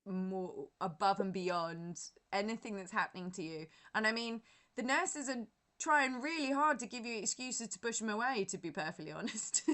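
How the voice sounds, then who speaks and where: A woman's voice: mid-range voice, lively intonation, normal speed. Woman host, chatty and encouraging, lots of likes and sort ofs. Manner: warm, encouraging, chatty with fillers. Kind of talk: interview.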